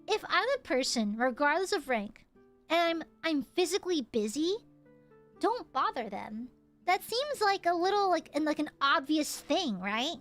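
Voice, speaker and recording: A young woman streamer chatting casually with viewers, telling stories in an animated, swear-filled way. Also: high voice, unhurried, faint music behind. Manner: animated, swears often, lively storytelling.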